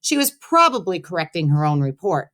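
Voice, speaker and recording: A woman teacher reading a children's chapter book aloud to her students in an expressive, friendly way. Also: fairly low pitch, fairly quick. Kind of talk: read-aloud storytelling.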